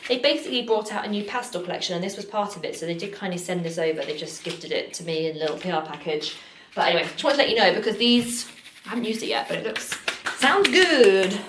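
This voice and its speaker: A woman's voice: medium pitch, quick pace, fairly bright tone. Chatty British woman in an echoey office. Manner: chatty, goes off on tangents. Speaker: cleaning vlogger. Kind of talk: casual chat while cleaning. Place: office building indoors. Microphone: camera set down in the room. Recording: echoey room with faint noise.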